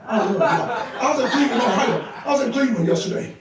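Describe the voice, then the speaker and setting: A man's voice: extremely high pitch, animated, quick pace. Older man doing stand-up in an echoey club. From Georgia. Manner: playful, teasing, chuckles at own jokes. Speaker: stand-up comedian. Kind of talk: live stand-up comedy. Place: large comedy club. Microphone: phone camera from the audience. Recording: echoey club from far off, loud crowd. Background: audience laughter.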